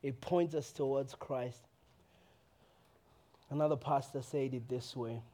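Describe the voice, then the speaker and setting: A man preaching a sermon in a church, swinging from impassioned outcries to quiet, reflective teaching. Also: medium pitch, fairly even intonation, a little slow. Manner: impassioned preaching, rising to shouts then quieting. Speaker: pastor.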